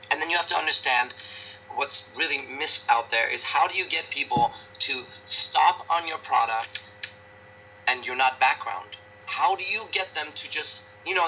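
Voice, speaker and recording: A man speaking as an interview guest with a very bright, forceful edge to his voice. He talks bluntly and profanely and hammers his points home by repeating words. His pitch sits a little high for a man. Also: a little hiss or hum, rough recording. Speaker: interview guest, business owner. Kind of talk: casual interview talk.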